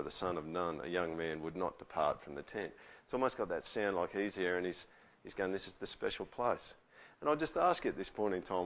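A man preaching a conversational sermon, often asking the listeners questions. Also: fairly low pitch. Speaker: pastor.

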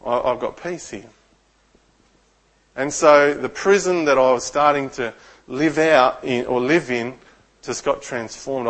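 A middle-aged man with an Australian accent, a pastor preaching a sermon in a conversational storytelling way and asking his listeners questions. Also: on the high side.

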